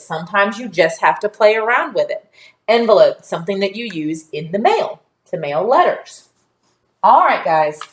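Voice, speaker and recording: A woman teaching a phonics lesson to young children, patient and sounding out word parts slowly. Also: medium pitch. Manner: slow, patient, stretching out sounds. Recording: echoey room.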